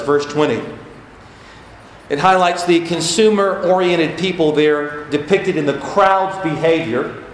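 A man's voice: sits high, a little slow. A man preaching a sermon as pastor, stressing points by repeating them. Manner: emphatic, repeats key phrases for stress. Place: church sanctuary. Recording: echoey church hall with faint noise.

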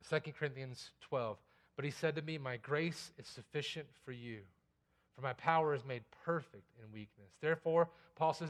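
A man's voice: on the high side, moderate pace. A pastor preaching a sermon with emphasis, often repeating key lines and checking in with his listeners. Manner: emphatic, repeats key lines, asks the congregation "You get that?".

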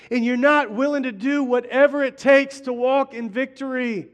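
A middle-aged male pastor preaching a sermon in a conversational way, often restarting phrases and speaking straight to the congregation. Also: very high-pitched. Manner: conversational preaching, frequent restarts and direct address.

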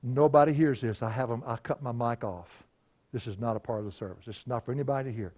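A middle-aged male pastor preaches in an easy, conversational way. He moves from story to story and chuckles along the way. His voice sits at an ordinary middle pitch. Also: quick pace, darkish tone. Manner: folksy, conversational, chuckling anecdotes. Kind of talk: storytelling sermon.

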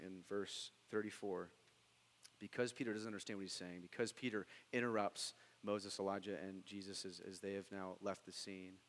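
A man preaching a sermon, animated, dropping to hushed tones and then rising into loud, excited bursts. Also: on the low side, big-room sound, low-quality recording. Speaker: pastor.

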